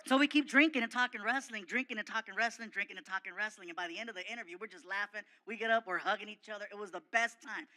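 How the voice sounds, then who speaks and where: Male comic guest, animated storyteller, high and bright. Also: quick pace, hardly any pauses. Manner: animated, excitable, self-mocking. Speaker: guest comedian. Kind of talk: comedic storytelling in an interview.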